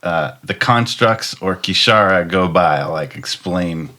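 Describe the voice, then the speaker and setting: A man with a low but bright, forceful voice, playing a tabletop game. He talks in a chatty, apologetic way, working through rules out loud. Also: expressive, measured pace. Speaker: player.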